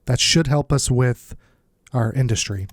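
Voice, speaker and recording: A man with a blocked nose chats his way through a strategy game, muttering asides as he works things out. His voice sits at an average pitch, recorded close and dry with no room around it. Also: unhurried, dry recording. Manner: thinks aloud, muttering asides. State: stuffed-up nose. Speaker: let's play host. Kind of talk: casual strategy game commentary.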